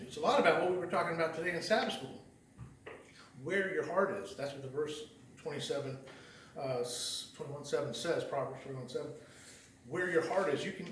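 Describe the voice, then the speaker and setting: A man's voice: on the high side, slight background noise. A man giving a conversational sermon, telling a story in a folksy, rambling way, often restarting and repeating words. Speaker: lay preacher. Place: church sanctuary. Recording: echoey church hall heard from a distance.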